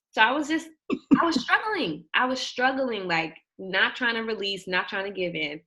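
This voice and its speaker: A young woman telling a personal story in an animated way, acting out the quotes and shrieking at the high points. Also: moderate pace. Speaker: guest telling her birth story.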